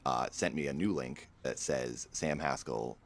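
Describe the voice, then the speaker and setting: A man's voice: extremely low pitch, measured pace, creaky. A man telling a personal story in a vlog, in a somber, earnest way.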